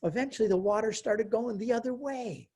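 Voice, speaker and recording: An older man giving a storytelling Catholic retreat talk, passionate and exhorting, moving between quiet earnest stretches and fervent outbursts. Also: high-pitched, brisk, husky.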